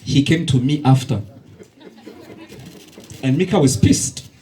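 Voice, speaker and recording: A man's voice: medium pitch, slow, poor audio. A man doing a stand-up comedy set and hosting the night, telling stories with acted-out dialogue. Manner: animated storytelling with acted-out dialogue. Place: bar comedy night with laughing audience. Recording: faint noise from a live bar.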